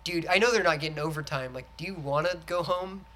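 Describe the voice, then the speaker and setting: Podcast co-host, man, bright voice, animated casual talk, acts out movie lines. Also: fairly high pitch, fast, slight background noise. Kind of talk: casual chat.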